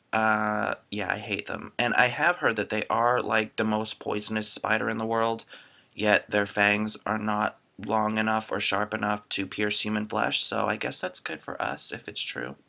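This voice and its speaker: A man's voice: fairly low pitch, creaky, pushed and bright. A young man from Florida chatting casually through a dialect survey into his laptop webcam, rambling with lots of ums. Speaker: vlogger.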